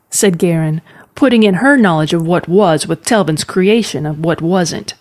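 A woman narrating a fantasy story in a calm, measured storytelling manner. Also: on the low side.

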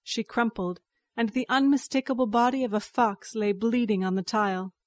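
Woman narrator, higher voice, unhurried, dry studio read. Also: fairly even intonation, dry recording. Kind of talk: scripted story narration.

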